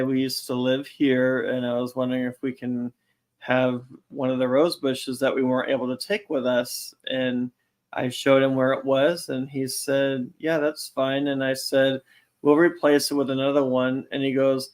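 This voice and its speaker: A man's voice: mid-range voice, little pitch movement, normal speed. A man co-hosting a casual chat show, easygoing and plainly retelling conversations. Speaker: co-host.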